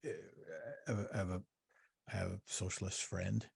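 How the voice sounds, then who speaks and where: A man's voice: sits low, little pitch movement, moderate pace, creaky, slightly rough. A man hosting a podcast interview, asking probing questions in a conversational way and often restarting his phrases. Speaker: podcast host.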